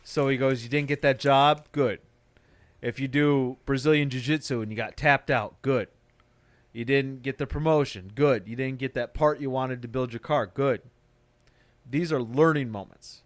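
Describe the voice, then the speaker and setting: In a casual podcast chat, this man, a stand-up comedian and the show's host, goes on a profane, motivational rant. His voice is medium-pitched at normal speed, with no echo.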